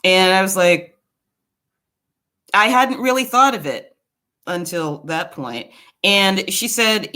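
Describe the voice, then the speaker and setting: A woman from Brooklyn telling a personal story in a casual, digressive monologue, with quick asides to the viewer. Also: medium pitch. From Brooklyn, New York. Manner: animated, swings her voice widely. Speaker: commentary channel host.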